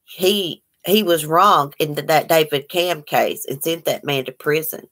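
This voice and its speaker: This livestream host has a low, slightly bright voice and a measured pace. In her casual stream, she greets people by name and responds chattily to their comments.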